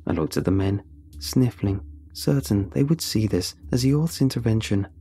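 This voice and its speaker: A man narrating a first-person audiobook in a steady, dramatic storytelling manner. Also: lowish voice, moderate pace, husky.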